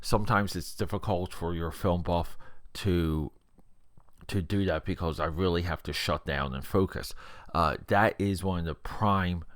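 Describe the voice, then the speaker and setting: A man's voice: low-pitched, a little slow, no echo, clean studio sound. A man hosting a podcast, reviewing a film in a casual, rambling way and often repeating words.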